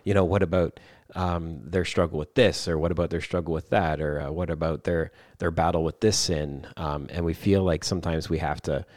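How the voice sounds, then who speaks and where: A man's voice: low voice, fairly even intonation, fairly quick, few pauses, a little mellow, no echo, studio quality. A man hosting a faith podcast, talking casually with many fillers. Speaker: podcast host. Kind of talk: podcast conversation.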